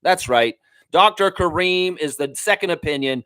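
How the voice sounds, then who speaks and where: A man from Canada hosting a casual live-stream sports show, reading out viewer comments and riffing excitably between laughs. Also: fairly high pitch, moderate pace. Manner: excitable, laughs often, riffs and jokes.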